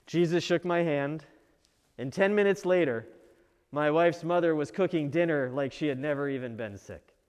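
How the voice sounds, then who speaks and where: A man's voice: a little high, normal speed, a little mellow, smooth, big-room sound, lightly acted. A man narrating a first-person sermon as an aging fisherman apostle looking back on his life, in a reflective storytelling manner.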